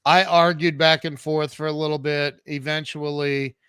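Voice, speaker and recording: A man in his fifties, a guest on a podcast, tells his life story in a lively, conversational way, with frequent restarts and fillers. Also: on the high side, normal speed, clean tone, no room sound, studio quality. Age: 50s.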